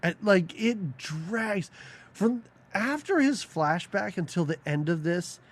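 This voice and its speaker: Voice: mid-range voice, slow pace. A podcast co-host in casual movie-review chat, mocking scenes and acting out lines from them. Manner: animated, mocking, acts out quotes from scenes.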